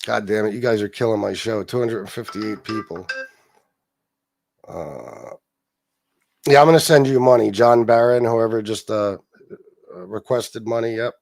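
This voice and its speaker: With a lowish, slightly mellow voice and vocal fry, a man hosts a political livestream, reading posts aloud and answering his chat. He's casual, blunt and full of swearing, firing back quick retorts.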